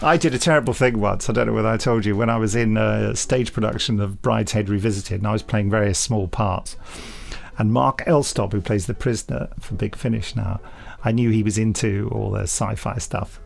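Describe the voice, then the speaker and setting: Male podcast co-host, lively and enthusiastic, gravelly texture. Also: fairly low pitch, fairly quick. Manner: animated, enthusiastic storyteller. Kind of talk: casual chat.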